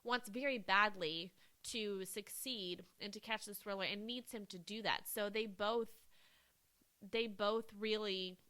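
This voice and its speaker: A woman co-hosts a casual film podcast with a bright, forward voice. She talks with gushing enthusiasm, leaning on "like" and "um" as she goes. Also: medium pitch, steady tone, a little slow. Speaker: podcast co-host. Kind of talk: casual movie podcast chat.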